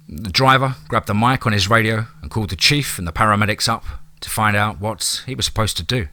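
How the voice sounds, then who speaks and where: A man narrating a scripted horror story in a measured, dramatic way. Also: fairly low pitch, sharp tone, no room sound.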